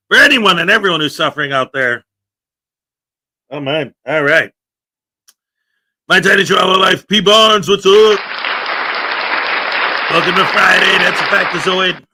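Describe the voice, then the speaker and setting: A man hosting a live stream, upbeat and shouty as he greets chatters by name. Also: a little high. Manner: upbeat, shouty, reads out chat names. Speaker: livestream host. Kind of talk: casual live-stream chat.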